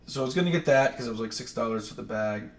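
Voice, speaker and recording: Casual New England streamer, rambling and chatty, recorded in a roomy space with the mic set back. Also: male voice, mid-range voice, expressive, quick pace. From New England, Maine. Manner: rambling, chatty, self-correcting. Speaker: livestream host. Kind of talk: casual chat. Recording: echoey room, distant mic.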